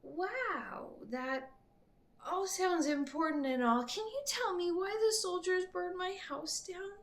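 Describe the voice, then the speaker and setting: A woman reading aloud and voicing a frightened, eager little boy in a storybook, pleading in a high, breathless voice. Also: takes it slowly, far from the mic, exaggerated voice.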